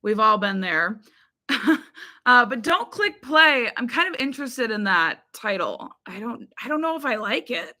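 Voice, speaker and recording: A woman's voice: a little high, big pitch swings, a little slow, pushed and bright. A woman from the United States hosting a casual live stream, chatting loosely with viewers and greeting them by name, with frequent ums. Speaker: livestream host. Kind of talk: casual live chat reading comments.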